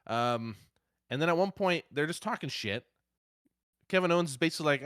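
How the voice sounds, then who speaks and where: A man co-hosting a casual wrestling podcast, excitable and profane, his voice swinging between loud bursts and quiet asides. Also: a little high, a little fast, pauses often, smooth, dry recording, studio quality. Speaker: podcast co-host.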